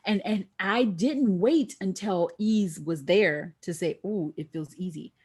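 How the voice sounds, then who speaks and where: A middle-aged woman guest telling a lively story in a podcast interview, acting out the voices of the people she quotes. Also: unhurried, husky. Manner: animated, acts out quoted voices with big pitch jumps.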